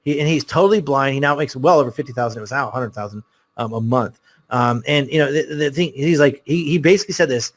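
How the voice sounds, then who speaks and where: A man hosting a live sales webinar, telling a story in an excitable, rambling way full of fillers. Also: medium pitch, fast talker. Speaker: webinar host selling a course.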